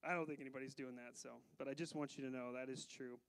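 A man preaching a sermon as pastor, animated, switching between loud emphasis and quiet asides, with frequent laughs between phrases. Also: mid-range voice, fast, clean tone, rough recording.

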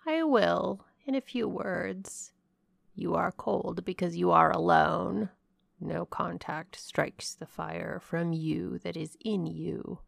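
A woman reader puts on a shrewd old crone telling fortunes in a harsh, gravelly voice. She speaks low, slowly and with decided weight, every word probing. The sound is dry and close. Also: dry recording, heavily acted. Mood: deliberate. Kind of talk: audiobook character voice.

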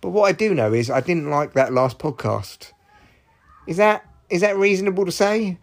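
A man's voice: sits high, animated, moderate pace, gravelly. A man in his forties hosting a solo podcast, rambling, self-deprecating and swearing freely. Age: 40s. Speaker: podcast host. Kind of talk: casual solo podcast monologue.

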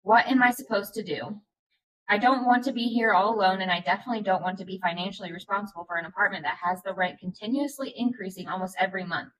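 A woman co-hosting a podcast, reading a forum post aloud in a steady, plain way. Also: mid-range voice, fast, low-quality recording. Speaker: podcast co-host.

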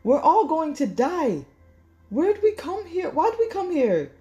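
A woman voicing a frightened teenage girl in an audiobook, frantic and shouting. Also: extremely high pitch, big pitch swings, normal speed, highs cut off, soft background music, pitched above the performer's own voice. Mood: panicked. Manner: frantic, shouting, near tears.

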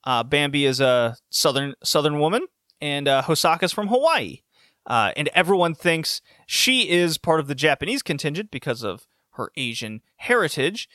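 Male wrestling reviewer, opinionated and sarcastic, slightly high bright voice, dry recording. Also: animated, normal speed, dry recording. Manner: sarcastic, opinionated, frequent self-corrections. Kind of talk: casual recap and commentary.

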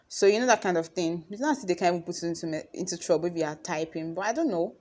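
A young woman with a Nigerian accent, talking casually to her followers in a chatty, expressive way. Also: on the low side, fast talker. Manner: chatty and expressive, acts out conversations. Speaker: vlogger.

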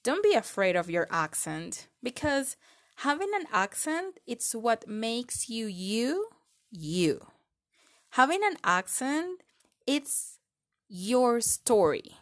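Slow, expressive woman podcast host. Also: fairly high pitch. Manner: earnest and encouraging, posing reflective questions. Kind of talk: scripted podcast monologue.

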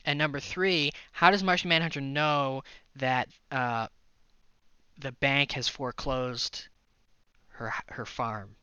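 A man's voice: medium pitch, fairly even intonation, slow pace, pushed and bright, clean tone, no room sound. A man co-hosting a casual movie review podcast, ranting in an exasperated, profane way. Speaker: podcast co-host.

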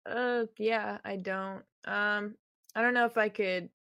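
A woman's voice: mid-range voice, steady tone, takes it slowly, fairly bright tone, smooth, dull audio. A woman playing a tabletop game, giggly and hesitant as she thinks aloud. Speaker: player.

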